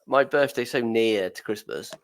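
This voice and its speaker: A man's voice: medium pitch, normal speed. A man co-hosting a podcast, easygoing and teasing in casual chat. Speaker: podcast co-host.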